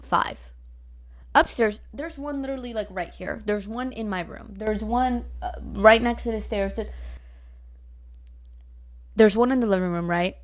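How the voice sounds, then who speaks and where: A nineteen-year-old woman from Northern California, ranting bluntly at home into her laptop mic, swearing freely and filling her talk with likes and rights. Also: mid-range voice. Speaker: vlogger. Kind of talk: casual ranting storytime. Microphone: laptop built-in mic.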